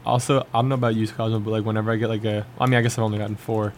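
A man's voice: fairly low pitch, level tone, very fast, slight background noise. A young man co-hosting a college radio show, chatting casually and rambling with lots of filler words. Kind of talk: casual chat.

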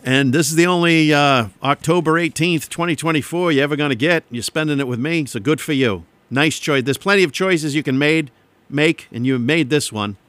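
A man's voice: a little high, normal speed, fairly bright tone, dry recording. A man DJing on radio, rambling and joking between songs from a studio mic. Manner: joking, rambling, self-mocking.

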